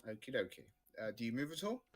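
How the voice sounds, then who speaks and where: A man at a middle pitch runs a tabletop game session. He describes the action in an easygoing, improvised way. He speaks into a close desk mic for a livestream. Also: very animated, fast. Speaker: game master.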